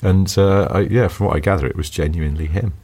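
A middle-aged man, talking casually as a podcast co-host. His voice sits very low and has a husky grain. He tells stories with lively jumps in pitch and frequent chuckles. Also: fast. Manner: animated storyteller, chuckling, pitch jumping up when excited. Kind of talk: casual chat.

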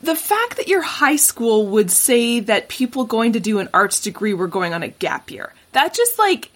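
A woman hosts a casual podcast interview and reacts with enthusiasm. Her voice sits a little high and moves a lot in pitch. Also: big pitch swings, normal speed. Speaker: podcast host.

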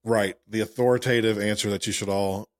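A man in his thirties co-hosting a podcast, chatting in a relaxed, self-deprecating way. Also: lowish voice, brisk, dry recording, clean studio sound. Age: 30s. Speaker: podcast co-host. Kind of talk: casual podcast chat.

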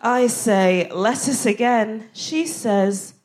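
A woman's voice: on the low side, expressive, a little slow, noisy background. A young woman with a posh London accent doing stand-up comedy on a live theatre stage, with a punchy, cheeky delivery. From England and Ghana.

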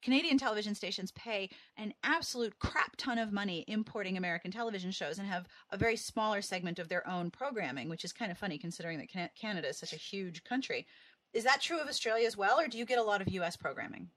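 A woman's voice: medium pitch, expressive, fast, a bit bright, no echo. A woman co-hosting a podcast, asking questions in a casual interview chat with a sarcastic, playful, teasing humor. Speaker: podcast co-host.

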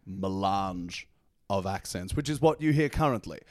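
A man guest in a comedy persona, telling absurd stories in a dry, rambling deadpan. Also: sits low, moderate pace, no echo.

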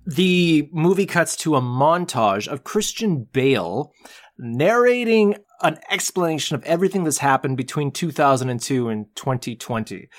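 A man's voice: fairly high pitch, expressive, normal speed. A patient, explaining man co-hosting a podcast. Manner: explanatory, patiently correcting, teasing. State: married. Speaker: podcast co-host. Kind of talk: casual film discussion.

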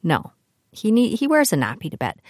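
An older woman hosting her own podcast, talking in a chatty, animated way about her family. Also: brisk, dry recording, clean studio sound. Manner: chatty and animated, with swings in pitch. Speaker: podcast host. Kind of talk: casual solo podcast monologue.

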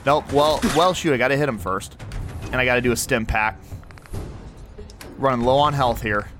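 A man hosting a podcast, excitedly talking through his own video game play as he goes. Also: mid-range voice, moderate pace, faint music behind. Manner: excitable, narrates his every move aloud. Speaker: podcast host.

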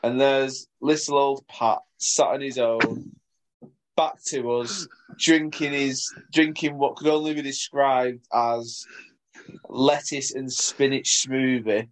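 A man's voice: medium pitch, steady tone. A man co-hosting a podcast, telling a funny story in casual chat, often laughing as he talks. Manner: laughing storyteller, quick bursts. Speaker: podcast co-host.

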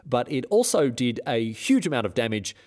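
A man's voice: medium pitch, big pitch swings, normal speed, darkish tone. A man hosting a comedic history podcast, who tells the story in an irreverent, rambling way and often stumbles and restarts. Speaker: host.

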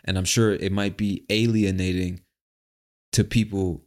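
Deep-voiced man hosting a casual podcast. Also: unhurried. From United States. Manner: relaxed, profane, conversational. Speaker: podcast host.

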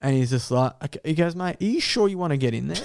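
A young man telling an animal story with animated energy, swearing and laughing as he goes. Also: fairly high pitch, fast, vocal fry, a little hiss or hum. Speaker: guest storyteller. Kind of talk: casual podcast storytelling.

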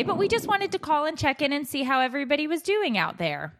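A woman's voice: high-pitched, sing-song, fast, hardly any pauses, fairly bright tone. Giggly woman co-hosting a chat podcast. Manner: giggly, blunt, swears casually. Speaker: podcast co-host. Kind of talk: casual chat.

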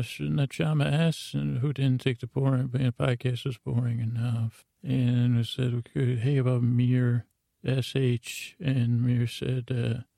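A man hosting a bedtime podcast, telling a meandering, drowsy run of offbeat listener shout-outs. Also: mid-range voice, creaky, no echo. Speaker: podcast host. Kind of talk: rambling bedtime podcast storytelling.

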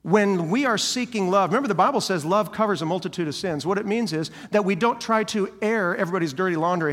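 A man's voice: high-pitched, quick pace, hardly any pauses, fairly bright tone, in a large hall. A male senior pastor giving a sermon, preaching animatedly and acting out the voices of people he quotes.

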